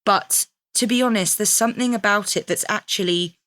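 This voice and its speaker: A woman's voice: mid-range voice, normal speed, fairly bright tone, dry recording. A woman in her thirties, talking frankly and reflectively about her teenage years and acting out her own past thoughts. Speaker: podcast guest. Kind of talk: candid conversational storytelling.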